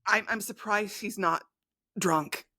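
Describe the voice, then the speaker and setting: A woman's voice: medium pitch, slow, sharp tone. A woman co-hosting a casual podcast in a playful, teasing and dramatic way. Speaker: podcast co-host. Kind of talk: casual chat.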